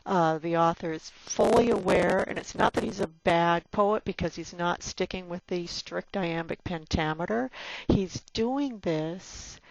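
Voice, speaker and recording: A woman's voice: fairly low pitch, no room sound. A woman teacher explaining poetry in a recorded lecture, with many fillers and restarts, tapping out the rhythm aloud. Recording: dull lo-fi recording.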